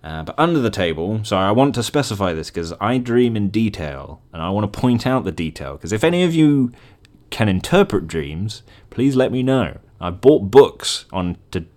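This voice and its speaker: This podcast host tells a solo story about a dream he had, rambling and chatting and laughing at himself along the way. His voice is lowish and a little mellow, with big swings in pitch, and he talks at a normal speed.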